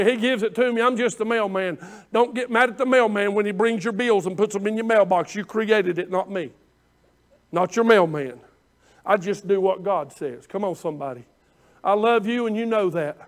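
High-voiced preacher, rising to shouts. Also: male voice. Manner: folksy, swings from quiet talk to loud shouted exhortation. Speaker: pastor. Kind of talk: sermon.

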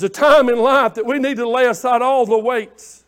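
A pastor preaching a sermon with passion, swinging from quiet pleading to shouting and often repeating words as he builds. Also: very high voice, fairly even intonation, brisk, smooth. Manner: repeats words and restarts phrases.

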